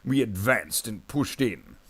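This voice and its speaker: In a lowish, slightly bright voice with lively intonation, a man paints miniatures on stream at an unhurried pace. He chats casually and jokily in a space marine persona, rambling along and calling his viewers "brother Marines."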